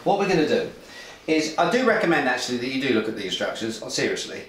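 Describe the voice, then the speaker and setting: A man's voice: medium pitch, sing-song, fast, fairly bright tone. A man hosting a beer video from his home kitchen, chatting casually in a jokey, rambling way with lots of restarts. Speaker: beer vlog host. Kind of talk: casual presenting chat. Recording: echoey kitchen, distant mic.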